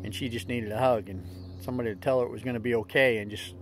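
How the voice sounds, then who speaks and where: A man's voice: mid-range voice, fairly even intonation, quick pace. A middle-aged man hosting a casual motivational vlog, telling stories in a plainspoken, folksy way. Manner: plainspoken storytelling with folksy slips. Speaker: vlog host.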